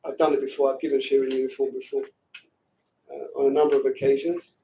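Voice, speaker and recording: A man giving an emotional Torah lecture to a women's seminary class, swinging from hushed and choked to shouting. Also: medium pitch, flat delivery, quick pace, vocal fry, slight background noise. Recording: distant from the mic.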